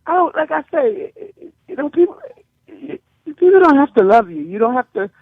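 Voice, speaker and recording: Older woman with a high, laughing voice. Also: normal speed, no room sound, narrow, tinny audio. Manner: lively, laughing, emotional, folksy. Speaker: gospel singer guest. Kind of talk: radio interview.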